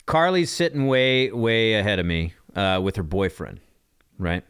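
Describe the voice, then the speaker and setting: A man speaks as a podcast co-host in a lowish voice, recorded dry and close. He tells his story casually and slips in jokes. The sound has no room to it. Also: a bit bright, smooth, no room sound. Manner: joking, quick reactions and laughs. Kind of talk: casual chat.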